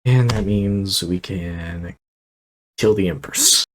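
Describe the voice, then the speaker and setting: Low-voiced man thinking aloud over a strategy game. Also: slow, crowd noise, rough recording. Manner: thinks aloud, rambling with fillers and asides. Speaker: gameplay commentator. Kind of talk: casual strategy game let's play commentary.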